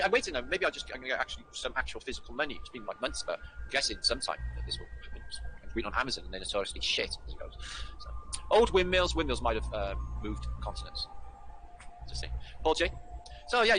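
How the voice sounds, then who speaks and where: A man's voice: mid-range voice, bright, forceful tone. A British man hosting a casual livestream, greeting viewers by name and rambling in a sweary, affectionate way. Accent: British English. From Britain. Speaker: livestream host. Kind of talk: casual livestream chat reading out viewer names.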